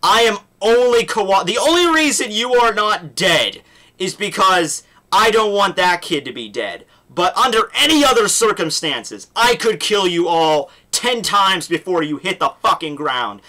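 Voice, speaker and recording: A man's voice: fairly high pitch, a little fast, sharp tone. A man voicing a cool male fighter, paraphrasing his threats loosely in a casual recap. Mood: menacing.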